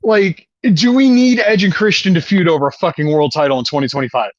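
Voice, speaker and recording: A man's voice: a little high, a little fast, no echo, muffled recording. A man co-hosting a podcast in casual chat, swearing often and talking with eager enthusiasm. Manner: profane, enthusiastic wrestling fan. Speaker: podcast co-host.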